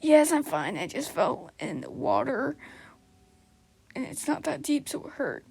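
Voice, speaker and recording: Slow, gravelly-voiced woman role-playing. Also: high-pitched, sing-song, a little mellow, no echo. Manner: flustered, giggly, stammering. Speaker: fan role-play performer. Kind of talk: casual improvised fan role-play.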